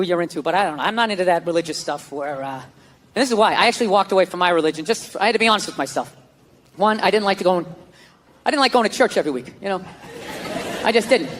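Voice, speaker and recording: A man's voice: sits high, a bit bright, a little hiss or hum. A man doing a profane, exasperated stand-up comedy rant on a theater stage. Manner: ranting, profane, exasperated storytelling. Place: theater stage before a live audience. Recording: long hall reverb, faint ambience.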